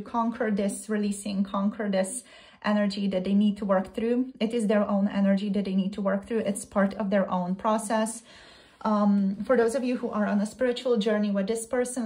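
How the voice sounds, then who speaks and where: A woman giving a casual tarot reading, thinking out loud, repeating and restarting her phrases, quick to exclaim. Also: medium pitch. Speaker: tarot reader.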